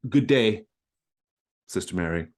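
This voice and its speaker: A curt, weary office manager with a low, dry delivery, as a man plays him. He talks brusquely and waves people off, his deep voice staying flat and businesslike. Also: measured pace. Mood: dismissive. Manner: brusque, dismissive.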